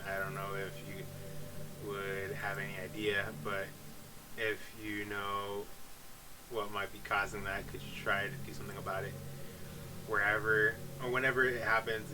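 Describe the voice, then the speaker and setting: A man's voice: lowish voice, lightly acted, poor audio. A man reading aloud the lines of an obsessive, clingy young woman game character, with little change of voice.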